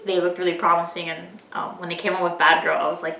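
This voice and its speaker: A woman hosting a reaction video, talking in a halting, emotional way with many fillers. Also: lowish voice, level tone, vocal fry, roomy sound, rough recording. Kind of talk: casual emotional chat.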